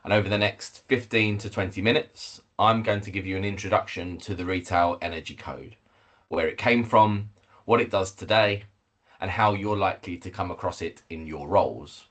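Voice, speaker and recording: A man, head of communications, presenting a webinar over a video call, measured, with many fillers and restarts. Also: deep voice, a bit bright.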